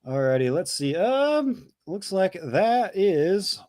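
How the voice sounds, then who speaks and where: A man's voice: high voice, very animated, takes it slowly, a little mellow, no room sound, clean studio sound. A man co-hosting a casual livestream, reading chat messages aloud with loose jokes and stumbling repeats.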